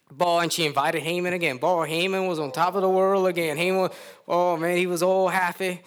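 A man's voice: high voice, fairly even intonation, normal speed, fairly bright tone. A man with a Louisiana accent preaching a sermon in a folksy storytelling way, acting out the characters.

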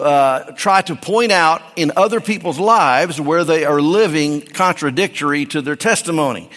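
A man's voice: fairly high pitch, moderate pace, hardly any pauses, a bit bright. A man preaching a sermon in a folksy, emphatic way on a pulpit mic in a church. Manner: folksy, emphatic, with frequent restarts. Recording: long hall reverb.

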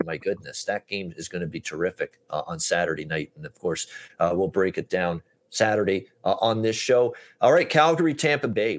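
A man hosting a sports betting podcast, talking at length in a casual way with many "uh" fillers. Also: sits low. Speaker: podcast host.

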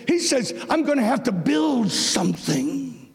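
A man preaching a sermon with passion, his voice surging up to shouts. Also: extremely high pitch, sing-song, unhurried, creaky, hardly any pauses, husky. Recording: long reverb of a large hall.

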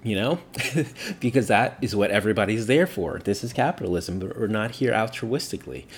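A man's voice: on the low side, lively intonation, moderate pace, a little hiss or hum. A man talking casually about his opinions, rambling, full of fillers and restarts, and swearing bluntly.

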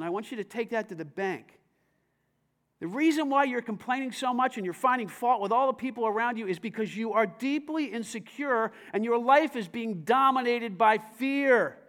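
A man preaching a sermon to a congregation, swinging from hushed asides to loud, emphatic calls. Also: very high voice. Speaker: pastor.

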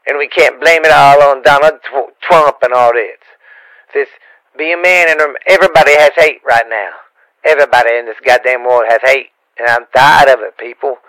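A man's voice: medium pitch, moderate pace, a bit bright, dry recording, poor audio. A man from Louisiana with a Cajun accent, chatting as a podcast guest in a rambling, stammering way with playful rhymes. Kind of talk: casual podcast banter.

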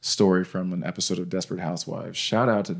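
A man's voice: low-pitched, steady tone, fast. A man co-hosting a casual parenting podcast, chatty, laughing often and restarting his sentences. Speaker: podcast co-host. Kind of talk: casual chat.

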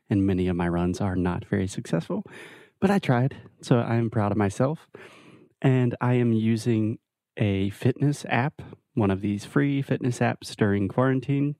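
Man, English teacher, friendly, explanatory, low mellow voice, dry close sound. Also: dry recording. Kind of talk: casual video lesson.

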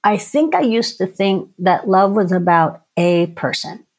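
A middle-aged woman talking as a podcast guest in a casual, reflective way, often pausing and restarting her sentences. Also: medium pitch, animated, breathy edge. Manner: hesitant, many restarts and ums.

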